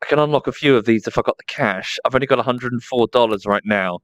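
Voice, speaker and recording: A man's voice: medium pitch, quick pace, no echo. A man with an Estuary English accent, chatting casually on his livestream, reading chat and talking fondly to his dog. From south of England. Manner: chatty, fondly baby-talks to his dog between remarks.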